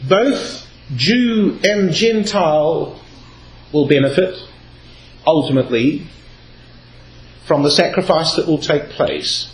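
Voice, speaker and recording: A man giving a Bible talk, reading scripture aloud and shifting his emphasis as he explains. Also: on the high side. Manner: expressive, reads scripture aloud with varied emphasis. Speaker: Bible speaker. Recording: echoey hall with faint noise.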